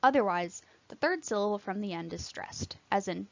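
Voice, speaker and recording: A woman teaching Latin pronunciation in scripted narration, clearly and carefully sounding out example words. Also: mid-range voice, animated, normal speed, dry recording, dull audio.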